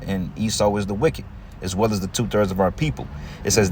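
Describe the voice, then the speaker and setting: A man teaching from scripture in a casual, slangy way, reading verses slowly and then commenting freely. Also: lowish voice, darkish tone, slight background noise. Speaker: preacher.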